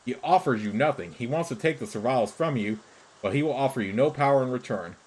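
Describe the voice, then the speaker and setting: A sly creature spy from a fantasy game pushes his case in calm, formal sentences, as a man reads him out. The voice sits at an ordinary middle pitch. A faint hiss of noise runs underneath. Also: close to an everyday voice, rough recording. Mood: persuasive. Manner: persuasive, measured, formal. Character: sly scheming creature spy urging betrayal.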